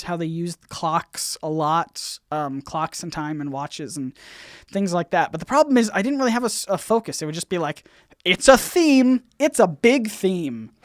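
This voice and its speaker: A man hosting a casual livestream Q&A, rambling and halting, full of fillers and restarts, with his volume bouncing up and down. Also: high voice, clean tone, no echo, studio quality. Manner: swings in loudness, bouncy. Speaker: YouTube channel host.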